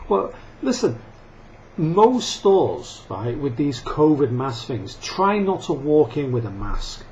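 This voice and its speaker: A male vlogger speaks slowly and very animatedly in a slightly high, darkish voice. He rants angrily to camera with frequent swearing, pausing to laugh and cough. The sound is dull lo-fi with faint noise.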